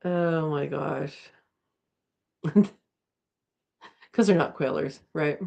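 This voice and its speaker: A woman talks casually to her online viewers from home, her voice sitting a little low. She chats loosely, reads out comments as they come in, and laughs easily between thoughts. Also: fairly even intonation, very slow, vocal fry, darkish tone, lo-fi sound. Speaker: host of a live chat. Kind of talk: casual livestream chat reading comments. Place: home, indoors.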